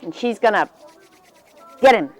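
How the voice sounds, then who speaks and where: A woman telling a fairy tale to children, animated and voicing the characters as she goes. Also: measured pace. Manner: animated, voices the characters with big pitch jumps. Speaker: storyteller.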